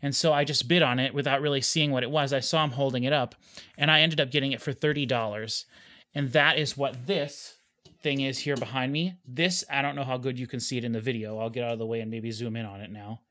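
A man's voice: mid-range voice, steady tone, a little fast, pushed and bright, dry recording. A man hosting a casual home video, talking in a rambling way with lots of small hesitations. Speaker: YouTube host. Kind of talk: casual vlog chat.

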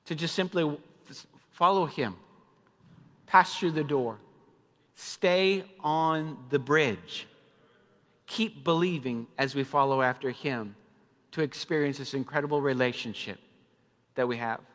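A man preaching a sermon as pastor, fervent, rising loud and then dropping soft and low. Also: a little slow, pauses often. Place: church sanctuary. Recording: long reverb of a church hall.

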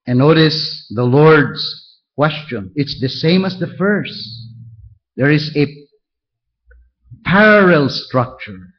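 A man preaching a verse-by-verse sermon, reading scripture aloud and pointing out each step with deliberate care. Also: on the high side, expressive, highs cut off. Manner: slow, deliberate, walks through verses point by point. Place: church.

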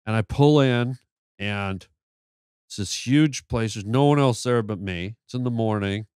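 A man telling a long story on a podcast, animated and full of stammered restarts. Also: lowish voice, measured pace, smooth, dry recording, studio quality. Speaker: podcast guest. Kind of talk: storytelling in casual chat.

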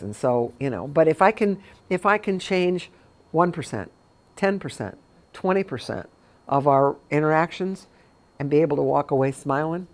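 A middle-aged woman, a memory care consultant, talking with caregivers in a chatty, story-telling way and acting out quoted dialogue. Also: on the low side. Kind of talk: talk to caregivers.

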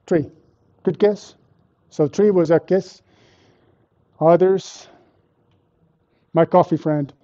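A man's voice: a little high, slow, pauses often, mellow, dull audio. A man lecturing a university class live, explaining step by step and quizzing and teasing his students. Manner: quizzes students and teases them. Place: lecture hall with a live audience.

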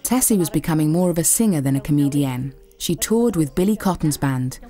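A woman narrating a documentary in measured scripted storytelling. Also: low-pitched, expressive, dark tone, faint music behind.

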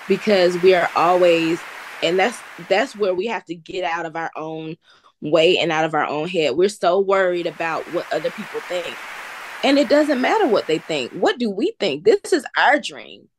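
A woman's voice: fairly low pitch, lively intonation, normal speed, a little hiss or hum. A woman from the American South, a guest entrepreneur, telling her story earnestly with faith in God. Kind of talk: casual interview talk.

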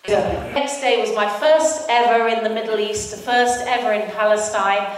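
A British woman giving a personal testimony talk as guest speaker, a lively storyteller who acts out the voices of the people in it. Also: medium pitch, moderate pace. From Britain. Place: large hall, mosque event. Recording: echoey hall from far off.

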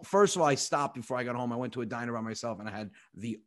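A man, a comedian, telling a personal story with animated, profane energy. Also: mid-range voice. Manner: animated, profane, quick-talking. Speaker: comedian guest. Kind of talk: comic storytelling.

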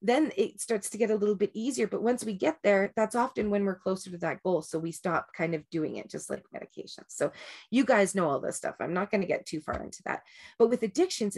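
A woman's voice: mid-range voice, a little mellow. A woman giving a casual, rambling talk on breaking habits before a group meditation, often restarting and checking in with "right?".

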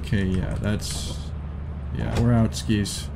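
A man in casual gaming chat with friends, loud and swearing as he exclaims. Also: lowish voice, flat delivery, slow, gravelly, background noise. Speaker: gamer.

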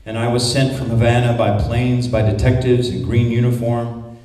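A man recites poetry in a declamatory, chant-like way, leaning into repeated refrains. His voice sits at an ordinary middle pitch. It carries through a large echoing hall with a long reverb tail, and the mic is set well back from him. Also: level tone, moderate pace, dark tone. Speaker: poet reading at a conference. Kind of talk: poetry reading. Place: conference hall. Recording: echoey hall, mic at a distance.

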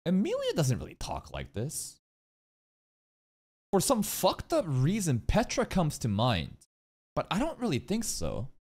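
A man's voice: a little high, wildly swooping pitch, unhurried, long pauses, darkish tone, husky. A man giving casual, profane, joking commentary as he reacts to an anime episode.

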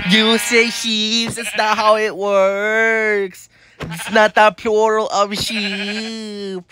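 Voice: medium pitch, sharp tone, slight background noise. A narrator of a comedy video giving repetitive scolding commentary over gameplay, repeating the same warnings over and over.

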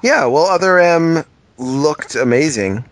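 A man's voice: fairly high pitch, lively intonation, takes it slowly, no echo. A man co-hosting a casual podcast, rambling and thinking aloud with lots of fillers. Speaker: podcast co-host. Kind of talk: casual chat.

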